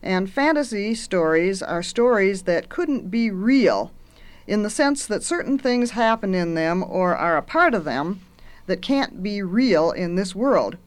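A woman's voice: mid-range voice, expressive, unhurried. Earnest woman teacher talking books. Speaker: university teacher. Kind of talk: reading aloud and talking about books.

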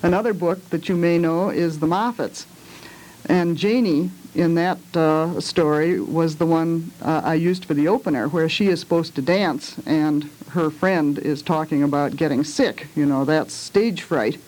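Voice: medium pitch, a little mellow, poor audio. A parent reading children's books aloud, with hesitant chatty asides between passages. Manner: measured, with small hesitations in asides. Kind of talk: read-aloud storytelling with asides.

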